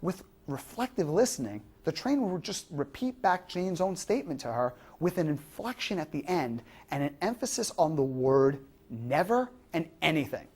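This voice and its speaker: Woman, lecturing trainers, lively intonation, breathy tone, rhetorical questions. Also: low-pitched, moderate pace. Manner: explanatory, poses rhetorical questions. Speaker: fitness instructor. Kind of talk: instructional lecture.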